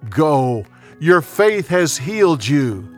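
Guy reading as jesus, earnest calm teacher, bit high, lively tone. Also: takes it slowly, soft background music. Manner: earnest, instructive.

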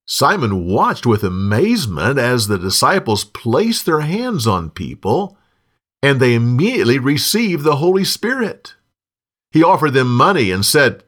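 A man narrating a Bible story in a scripted, expressive reading. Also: medium pitch.

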